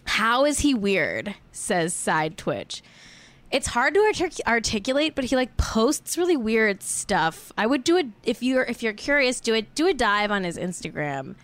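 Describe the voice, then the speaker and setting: Young woman, podcast host, tipsy, giggly and rambling, very lively pitch. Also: measured pace. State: a little tipsy. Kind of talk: casual chat.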